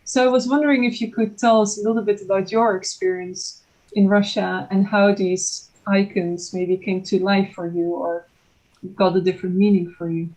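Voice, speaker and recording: A woman's voice: mid-range voice, level tone, normal speed, a little mellow, poor audio. A woman from the audience asks a long question, hesitant and full of restarts. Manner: hesitant, with many fillers and restarts. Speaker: audience member asking a question. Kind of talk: asking a question.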